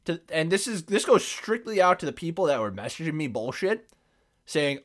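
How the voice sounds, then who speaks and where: A man's voice: a little high, sing-song, normal speed. A man hosting his own podcast alone, talking casually in a brash, profane, rambling way full of asides. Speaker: podcast host. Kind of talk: casual solo podcast monologue.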